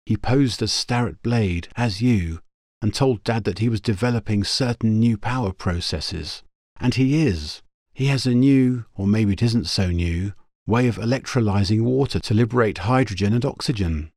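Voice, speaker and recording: A man voicing a frightened young woman held captive, speaking quickly and breathlessly. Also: on the low side, a little mellow, no echo, clean studio sound, voice pushed up. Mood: urgent.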